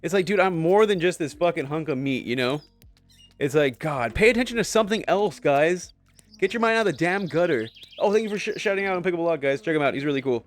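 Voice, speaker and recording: A man's voice: a little high, lively intonation, quick pace, faint music behind. A young man live-streaming a game, chatting with viewers in a joking, sarcastic way and swearing casually.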